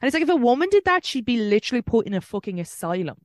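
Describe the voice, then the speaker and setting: A young Irish woman hosting a podcast, telling dating stories in a casual video call, animated and swearing freely. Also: fairly high pitch, racing, no echo, studio quality. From Ireland. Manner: swearing storyteller, animated retelling. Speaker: podcast host.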